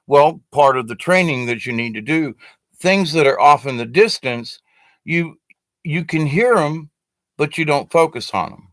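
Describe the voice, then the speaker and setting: A man's voice: fairly high pitch, animated, measured pace, a bit bright, no room sound. A man giving a casual, rambling spoken teaching to a live stream audience, talking to his webcam with many fillers and restarts. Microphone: webcam facing the speaker.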